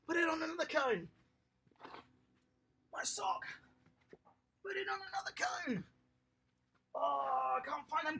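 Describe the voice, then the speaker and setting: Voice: high voice, measured pace, gravelly, pauses often, pushed and bright, slight background noise. An upbeat adult tennis coach, running an online class for small children and cheering them on by name.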